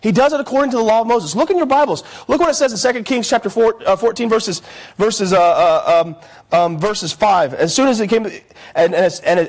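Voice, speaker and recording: A man with a notably high voice preaches a sermon to his church. He retells the story casually, with plenty of asides, and keeps asking his listeners if they follow. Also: animated, moderate pace. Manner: chatty, storytelling, asks the congregation "right?".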